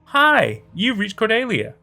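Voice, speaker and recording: A man voicing an eerie voicemail greeting from a young woman, upbeat, with crispy vocal fry and glitching repetition. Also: high-pitched, wildly swooping pitch, unhurried, sharp tone, soft background music, voice pushed up, heavily acted. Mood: eerily upbeat. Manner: too upbeat, repeating like a glitch.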